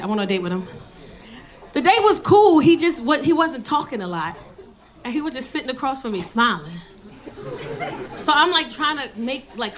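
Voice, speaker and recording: A woman comedian doing stand-up, with a high voice that jumps all over. She talks loudly and teases the audience. Laughter from a big crowd and a noisy room come through the live mic. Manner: animated, loud, teasing the audience.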